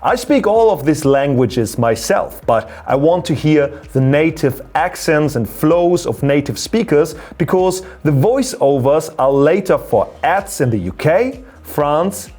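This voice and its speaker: This is a German-accented man in his thirties hosting an explainer vlog, and his voice sits a little high for a man. He talks in an upbeat, explanatory way and swings his pitch up to stress points. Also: animated, measured pace, a little mellow, breathy edge, soft background music. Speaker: photography YouTuber and former radio presenter.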